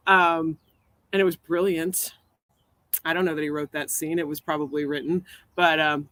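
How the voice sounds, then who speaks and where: A woman's voice: low voice, a bit bright, no echo, low-quality recording. Chatty, rambling woman poet. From Missouri. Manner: rambling, chatty, laughs often. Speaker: poet hosting a live stream. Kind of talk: casual live-stream chat with poetry reading.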